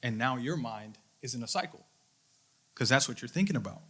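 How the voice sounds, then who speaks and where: A man's voice: mid-range voice, expressive, a little fast, fairly bright tone, breathy edge. A young adult man, a youth leader, giving a sermon, telling a personal story in an earnest way and acting out his own thoughts. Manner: earnest storytelling with quoted inner voice.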